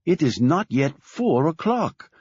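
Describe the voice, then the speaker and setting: A man voicing a reserved, anxious mother who speaks quietly. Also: a little high, very animated, slow pace, husky, no echo, voice pushed up, full character voice. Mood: scolding. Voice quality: quiet, soft-spoken. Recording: dull lo-fi recording.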